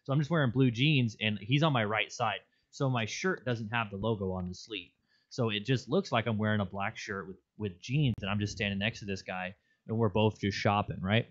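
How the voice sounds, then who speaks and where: A man co-hosting a podcast, telling an animated story in casual chat and laughing often. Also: fairly low pitch, a little fast, lo-fi sound. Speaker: podcast co-host. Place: Arizona.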